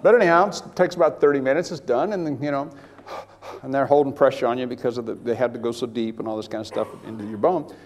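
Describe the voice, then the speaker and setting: An older man preaching, telling a personal story in a rambling, animated way with many restarts. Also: mid-range voice, fast, long reverb tail, slight background noise. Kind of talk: sermon testimony.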